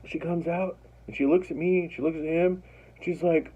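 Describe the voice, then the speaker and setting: A man with a fairly high, husky voice talks a little fast while casually recounting a personal story, rambling and swearing as he animatedly acts out what other people said. The audio sounds dull.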